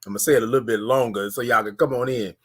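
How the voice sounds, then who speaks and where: A woman's voice: a bass voice, fairly even intonation, very fast, breathy edge. A woman hosting a live morning show, greeting viewers in a sing-song way and stretching out her words. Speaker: host.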